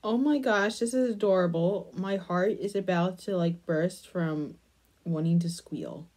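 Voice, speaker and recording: A woman chatting casually in a crochet vlog, gushing over a pattern book and trailing off into soft murmurs. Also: on the low side, measured pace. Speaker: crochet vlogger.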